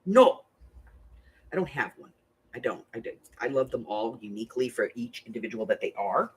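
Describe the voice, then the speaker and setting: An older woman, a grandmother, telling a family story in a chatty, animated way and swearing freely. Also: very deep voice, moderate pace, breathy edge. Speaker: crafting channel host. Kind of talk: casual storytelling chat.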